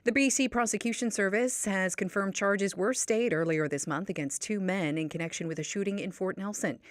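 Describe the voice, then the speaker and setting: A Canadian woman with a slight Australian twang in her accent, reading the radio news in a crisp, measured way. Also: lowish voice, dry recording, studio quality. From Canada (British Columbia). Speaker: newsreader. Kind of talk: radio news reading, then casual chat. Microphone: studio microphone.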